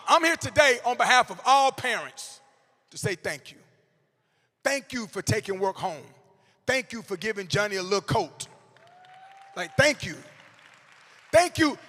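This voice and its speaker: A man in his forties giving an animated, comedic motivational speech to teachers, shouting punchlines and acting out characters. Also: high-pitched. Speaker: motivational speaker. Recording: long echo of a big hall.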